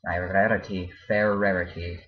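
Man, deep voice, husky, casual vlog chatter, hesitant with lots of ums, dull lo-fi recording. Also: little pitch movement, normal speed. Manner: hesitant, full of ums and restarts. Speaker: vlogger. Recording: dull lo-fi home video.

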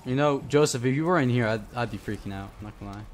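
A man's voice: medium pitch, fast, background noise. A young man commentating a horror game, easily scared and yelping when startled. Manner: jumpy, yelps and shouts when scared. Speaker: gamer playing a horror game. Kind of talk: casual let's play commentary.

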